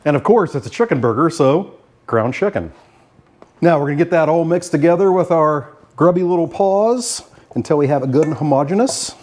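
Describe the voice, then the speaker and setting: A man's voice: a little high, animated, brisk, darkish tone. Folksy grandfatherly cooking host. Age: older. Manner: folksy and jokey, with frequent "uh" fillers. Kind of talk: casual cooking narration.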